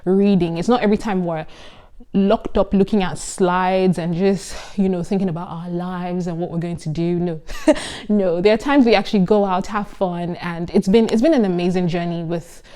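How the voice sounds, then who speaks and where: A young woman in her twenties, a medical student, chatting casually to camera in an animated, giggly and earnest way. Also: fairly low pitch, normal speed. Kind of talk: casual vlog talk.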